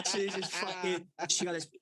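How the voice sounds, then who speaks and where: A young man with a South Wales accent telling rough stories to friends, swearing constantly and laughing as he talks. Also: on the high side, heavy background noise. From South Wales valleys. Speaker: podcast co-host. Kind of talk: casual storytelling among friends.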